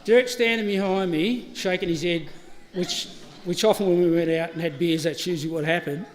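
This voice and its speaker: In a high voice at a slightly fast pace, a middle-aged Australian man delivers a chatty eulogy at a funeral, telling stories with laughs and restarts. The live stream carries hall reverb.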